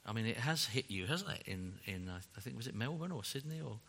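A man preaching a sermon, emphatic and animated, often tagging rhetorical questions onto his points. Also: mid-range voice, fast talker, slightly rough. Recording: long hall reverb.

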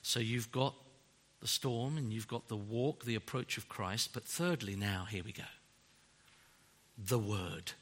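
A man preaching a sermon, swinging from loud declarations to hushed, drawn-out phrases. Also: medium pitch.

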